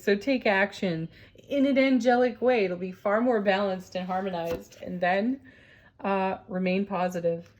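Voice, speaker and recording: Woman tarot reader, calm and soothing, breaks into delighted laughs. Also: medium pitch. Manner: gentle, soothing, laughs often; awed and excited at the cards. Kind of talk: tarot reading vlog.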